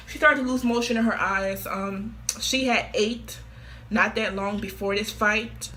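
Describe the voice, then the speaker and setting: A woman's voice: mid-range voice, steady tone, unhurried, pushed and bright, slight background noise. A woman in her late teens talking casually to camera, blunt and offhand. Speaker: vlogger.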